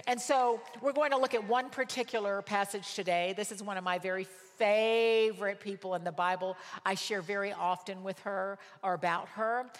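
Lady preacher, mid-pitch voice, punchy storytelling, lots of hall reverb. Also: steady tone, fairly quick, few pauses. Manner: emphatic, repeats and spells out words for stress. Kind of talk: sermon with personal storytelling.

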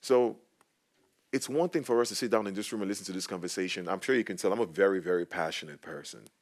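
A man with a fairly low voice, speaking as a panel guest in a conversational but passionate way. He is animated and emphatic, and his voice climbs when he gets worked up. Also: fast talker.

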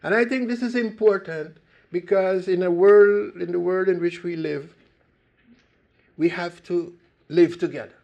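A man's voice: high-pitched, unhurried, gravelly, darkish tone, muffled recording. An older man from Costa Rica giving an earnest public talk, with sudden emphatic rises in his voice.

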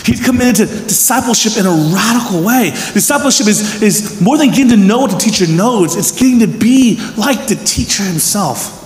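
A man in his thirties, a pastor giving a sermon, earnest, swinging from emphatic peaks to soft, hushed stretches. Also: high-pitched, lively intonation, moderate pace, few pauses. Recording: echoey hall with long reverb, faint room ambience.

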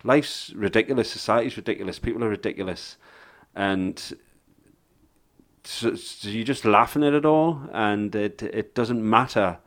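A man with a fairly low voice talks comedy in a casual podcast chat. He's blunt and laid-back and swears freely. He sounds like an experienced middle-aged comic. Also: normal speed, a bit bright. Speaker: stand-up comedian.

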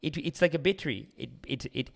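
A man talking as a podcast guest in casual chat, rapid and animated, often calling the host "dude". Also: a little high, gravelly.

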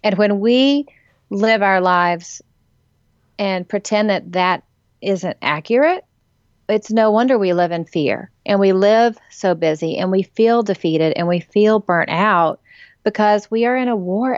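A woman's voice: medium pitch, a little slow, darkish tone, dry recording, lo-fi sound. A woman author and ministry director talking in a casual interview, telling stories animatedly and with emphasis.

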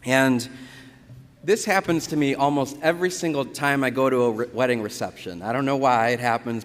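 A Catholic priest giving a conversational sermon, telling stories from the pulpit with lively retellings. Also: male voice, medium pitch. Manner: conversational storytelling, animated retellings. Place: church. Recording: church reverb.

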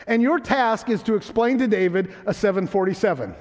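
High-voiced pastor in a reverberant hall. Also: male voice, fairly quick, a little mellow. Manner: conversational, teasing, checks in with the congregation. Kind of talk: sermon. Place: church sanctuary.

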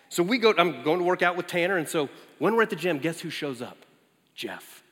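A man preaching as a campus minister, telling a story in an animated way and leaping high in pitch for quoted lines. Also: quick pace. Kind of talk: storytelling sermon. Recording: echoey hall.

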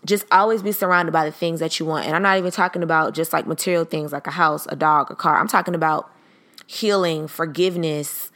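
A woman's voice: deep voice, fairly even intonation, a little fast, fairly bright tone. A woman in her thirties hosting a podcast, talking casually and reflectively, sometimes acting out her own inner voice. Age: 30s. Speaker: podcast host. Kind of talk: casual solo podcast talk.

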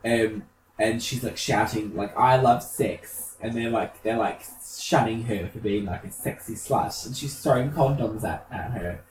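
A man's voice: on the low side, normal speed, reverberant, recorded from a distance, slight background noise, rough recording. A man co-hosting a podcast, telling camp gossipy stories with plenty of swearing. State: feeling unwell. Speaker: podcast co-host. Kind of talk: casual chat.

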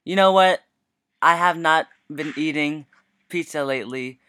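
A man's voice: a little high, a little slow, pushed and bright, clear, resonant tone, dry recording. A young man co-hosting a casual podcast, telling stories in a playful, joking way. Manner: playful, jokey storytelling. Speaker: podcast co-host. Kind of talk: casual chat.

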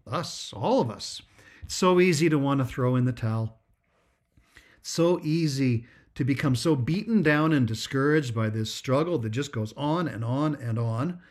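A man giving a Christian spiritual talk, emphatic and repetitive, stretching out key words. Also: medium pitch. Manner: emphatic, repetitive, drawn-out stresses. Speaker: Christian speaker.

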